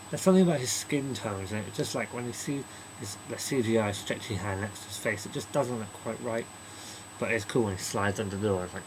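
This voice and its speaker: A man giving a casual spoken film review, rambling and chatty, slipping into quick mocking impressions of characters. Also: mid-range voice, noisy background. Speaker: movie reviewer.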